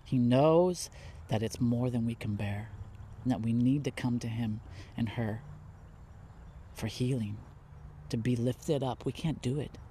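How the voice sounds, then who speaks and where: A middle-aged man preaching a heartfelt sermon, pleading and impassioned, swinging from soft to loud and close to tears. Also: mid-range voice, measured pace, pauses often, slight background noise. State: near tears.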